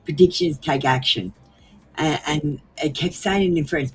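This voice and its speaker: A woman's voice: low-pitched, normal speed, slight background noise. An Australian woman hosting a live stream, chatting casually and rambling with frequent ums and laughs.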